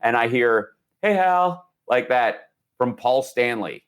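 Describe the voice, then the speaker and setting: A man's voice: mid-range voice, level tone, measured pace. A man in his forties from Indiana, a podcast guest telling stories with energy and acting out quoted voices. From Indiana, USA. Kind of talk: animated storytelling.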